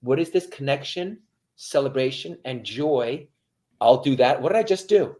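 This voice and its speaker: A male military veteran appears as an interview guest offering motivation, talking to listeners directly in a mid-range, expressive voice at moderate speed. He shifts from hushed tones to loud ones.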